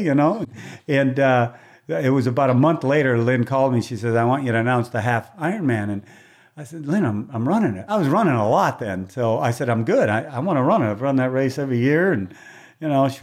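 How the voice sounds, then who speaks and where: An older man in his sixties spins stories from his years as a race announcer. He is lively and chatty, slips into other people's voices for the quotes, and laughs easily along the way. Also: mid-range voice, fast talker. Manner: animated storyteller, acts out voices, laughs often. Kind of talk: casual storytelling interview. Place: moved from Hawaii, on the mic in Southern California for decades.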